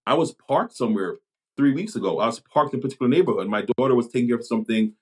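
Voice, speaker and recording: A Jamaica-born man, a pastor and police chaplain, talking things through in a podcast conversation, pausing and restarting his sentences as he thinks. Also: medium pitch, expressive, husky. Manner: reflective, halting, many restarts.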